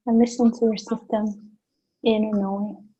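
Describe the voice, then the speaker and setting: A woman facilitating a gentle guided session, speaking softly and soothingly with simple images. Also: medium pitch, level tone, slightly rough, lo-fi sound. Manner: soft, slow and soothing, with imagery. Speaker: energy work facilitator.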